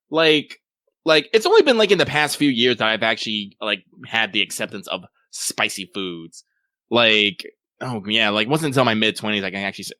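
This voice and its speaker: A man in his late twenties co-hosting a casual gaming podcast, his pitch swinging with lively energy. He jokes around and leans on "like" as he reads listener mail. The mic is close and dry. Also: no room sound. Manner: animated, heavy use of "like", jokey.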